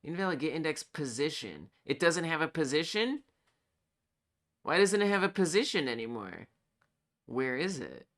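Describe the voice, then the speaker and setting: A game developer on a live coding stream, thinking aloud while debugging, excitable and self-talking. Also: mid-range voice, normal speed, pauses often.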